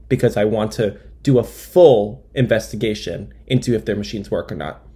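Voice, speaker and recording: With a mellow voice on the lower side and a normal speaking speed, a young man delivers a stand-up style comedy monologue. His rambling humor is self-deprecating and peppered with wry asides.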